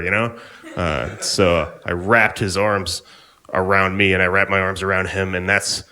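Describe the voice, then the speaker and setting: A man's voice: sits low, fairly even intonation, normal speed, sharp tone. Laid-back young male stand-up comic. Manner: laid-back, rambling, offhand. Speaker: stand-up comedian. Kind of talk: stand-up comedy set. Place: live comedy venue on stage.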